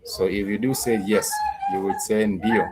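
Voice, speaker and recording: Low-voiced man teaching a language class. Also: very noisy. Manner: patient, repetitive, drills words slowly with many fillers. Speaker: Swahili teacher. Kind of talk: online language lesson.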